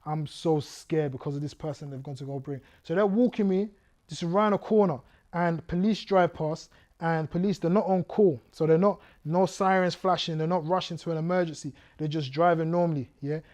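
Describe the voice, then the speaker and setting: His voice is fairly high, brisk, and a little mellow. Speaking as a guest to a youth audience, the man vividly recounts his life story as testimony, acting out moments and pulling listeners in.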